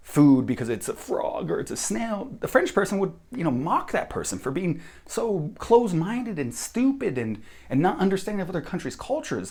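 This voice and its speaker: A man's voice: sits high, a little mellow, slightly rough. An American man giving a blunt, profane opinion monologue as a vlogger. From United States.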